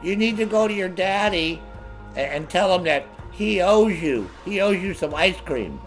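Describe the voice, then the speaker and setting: A man's voice: high voice, lively intonation, normal speed, faint music behind, pitched above the performer's own voice. A man mocking a creepy old politician. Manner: mocking impression.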